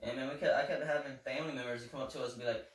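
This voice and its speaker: A man's voice: mid-range voice, fairly even intonation, rapid-fire. A man co-hosting a casual podcast, rambling through a story and questioning himself as he goes. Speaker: podcast co-host. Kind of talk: casual chat. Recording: echoey room, distant mic, faint noise.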